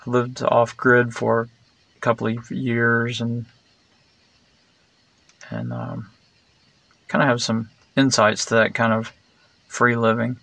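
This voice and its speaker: A man's voice: medium pitch, slow, gravelly, long pauses, pushed and bright. A man talking in a rambling opinion monologue, meandering and digressive, blunt and sarcastic, full of fillers and restarts. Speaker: vlogger.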